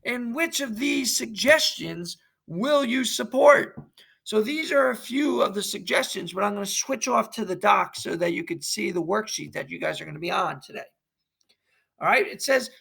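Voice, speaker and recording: A man's voice: sits high, expressive, normal speed, gravelly, sharp tone, husky. A man teaching a history lesson, who narrates a short classroom play and then explains a worksheet.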